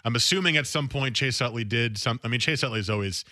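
A male sports radio host with a bright, forceful voice, recorded close and dry in a studio. He talks in a loose, animated way and often restarts phrases as he goes. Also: mid-range voice, fast, no room sound. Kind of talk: casual sports talk radio monologue.

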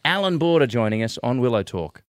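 A man's voice: medium pitch, very animated, brisk, loud music behind the voice. A man hosting a chat show, upbeat, steering the talk and laughing along. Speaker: host.

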